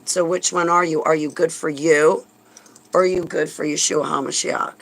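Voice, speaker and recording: A woman's voice: sits low, fairly even intonation, normal speed, vocal fry, poor audio. A woman vlogger delivering a heated, sarcastic religious rant, indignant and swearing when angry.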